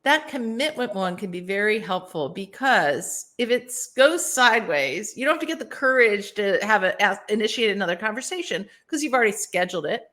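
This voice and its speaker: A woman as a podcast guest giving casual, animated advice and acting out example phrases. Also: medium pitch, a little fast, hardly any pauses. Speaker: podcast guest, workplace author.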